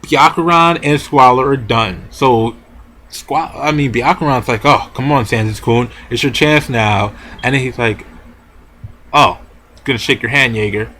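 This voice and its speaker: A young man rambles excitedly through a manga chapter review, swearing freely as he talks. His voice sits at an ordinary middle pitch for a man, and his delivery is loose and off-the-cuff. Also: a little slow. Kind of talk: casual video review.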